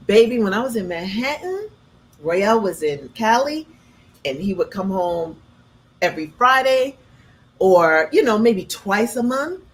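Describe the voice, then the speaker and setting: A middle-aged woman hosting from her home kitchen, chatting casually with viewers and telling personal stories, calling them y'all and baby. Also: medium pitch. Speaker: host. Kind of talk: casual chat storytelling.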